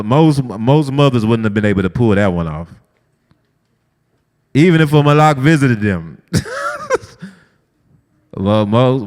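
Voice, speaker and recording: A man teaching a lively, conversational sermon-style lesson and asking his group questions. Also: medium pitch, smooth. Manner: lively, talks straight to the group, asks them questions. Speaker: Bible study teacher. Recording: long hall reverb.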